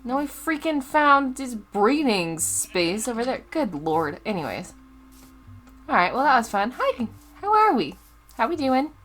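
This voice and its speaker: A woman's voice: a little high, big pitch swings, a little slow, faint music behind. A young woman casually commenting on her gameplay as a Let's Play host, chatty and easily distracted. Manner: chatty, easily distracted, loud startled outbursts.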